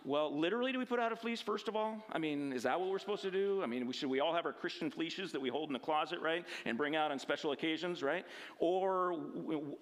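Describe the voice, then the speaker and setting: A man giving a casual, animated Bible lesson, often checking in with tag questions and restarting his sentences. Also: on the high side, fast talker. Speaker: Bible teacher. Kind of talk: conversational Bible teaching.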